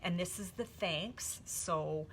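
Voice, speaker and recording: A Canadian woman hosting a live craft stream, chatting warmly and a little teary with her viewers. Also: fairly low pitch, slow, very noisy. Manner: heartfelt, chatty, greets viewers by name. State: emotional, teary. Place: home craft studio.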